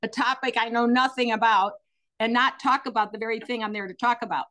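A middle-aged woman, a guest telling personal stories in an interview, earnest and animated with frequent fillers. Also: fairly high pitch, fairly quick. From United States.

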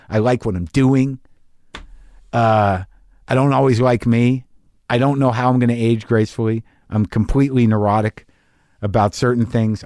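A podcast host in his fifties delivers a candid, rambling solo monologue that's self-deprecating and full of swearing. His medium-pitched voice has a darkish tone, recorded dry in studio quality.

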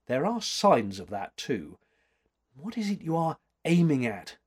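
A man reading aloud, voicing a sixty-year-old woman art critic with a faint foreign accent, brisk and terse. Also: on the high side, very animated, husky, exaggerated voice. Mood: crisp, judging.

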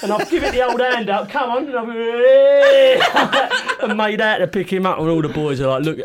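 Brief: man, ex-footballer co-host, bit higher voice, cheeky storyteller who swears and laughs through his tales. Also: animated, rapid-fire, heavy background noise. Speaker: regular co-host, former footballer. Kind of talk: casual banter, anecdote telling. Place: studio.

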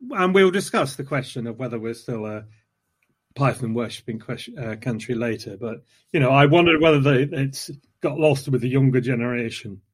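A man chatting casually as a podcast host, rambling and self-deprecating, with sudden jumps in pitch. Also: expressive, normal speed, husky. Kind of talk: casual conversation.

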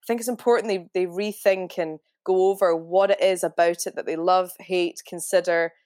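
Brief: Scottish woman, chatty, mid-pitched, dry close mic. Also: steady tone, normal speed, a little mellow, no room sound. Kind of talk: casual chat.

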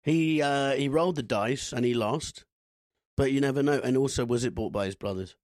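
A man's voice: mid-range voice, moderate pace, a little mellow, dry recording, studio quality. A man co-hosting a podcast, chatting casually and telling anecdotes with comic voices. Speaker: podcast co-host. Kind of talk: casual chat.

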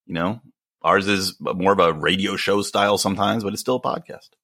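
Deep-voiced, husky joking man. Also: fairly quick, sharp tone. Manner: joking, sarcastic asides. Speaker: podcast co-host. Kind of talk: casual podcast chat.

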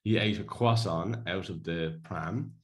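A man's voice: low-pitched, unhurried. An Irish man in his thirties co-hosting a podcast, chatting casually and telling rambling stories with frequent laughter. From Ireland. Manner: rambling storyteller, laughs often. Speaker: podcast co-host. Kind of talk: casual chat.

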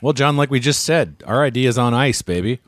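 A man's voice: mid-range voice, lively intonation, a little fast, a bit bright, dry recording, clean studio sound. A man co-hosting a casual remote podcast, reading listener emails aloud and joking around. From Los Angeles area. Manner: jokey, reads emails aloud with bursts of laughter.

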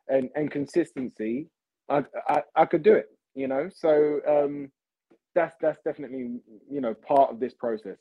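A man chatting as a podcast guest, animated and repeating himself, calling people mate and bro. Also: a little high, lo-fi sound. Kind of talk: casual chat.

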